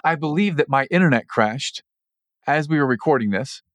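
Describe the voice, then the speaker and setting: A man hosting a podcast, giving measured, reflective coaching advice in an earnest tone. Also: a little high, animated, dry recording. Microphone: podcast microphone over the internet.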